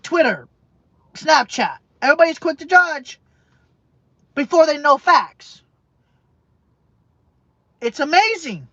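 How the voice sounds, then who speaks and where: Brief: woman vlogger, fairly high voice, heated repetitive rant, dry lo-fi recording. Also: lively intonation, fairly bright tone, no room sound. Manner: emphatic, repetitive, profane, halting with fillers. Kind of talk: emotional rant to camera. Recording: dull lo-fi dry sound.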